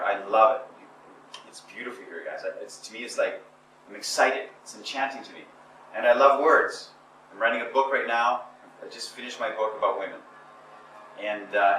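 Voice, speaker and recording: A man's voice: lowish voice, sharp tone, far from the mic, a little hiss or hum. Self-mocking man in an echoey room. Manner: self-mocking storyteller, acts out scenes. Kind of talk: casual talk to a small group. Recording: echoey room, speaker away from mic.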